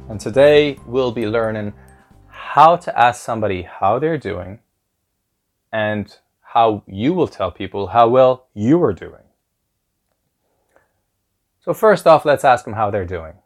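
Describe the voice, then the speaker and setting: Hosting a podcast as a language teacher, this man speaks in a mid-range voice and stays upbeat. He says phrases over again, pushing the intonation upward in an exaggerated way.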